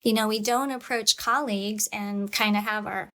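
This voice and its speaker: A woman and parent giving a calm, measured lecture on parenting, acting out what a parent might say. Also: mid-range voice. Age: adult parent. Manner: calm, measured, demonstrates parent scripts aloud.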